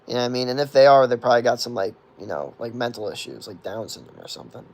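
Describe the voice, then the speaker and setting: Young guy in his 20s, gravelly, easygoing streamer who rambles through chat questions, filler-heavy and profane. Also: mid-range voice, expressive, racing, darkish tone. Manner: rambling, filler-heavy with constant "like", swears freely. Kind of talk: casual livestream chat.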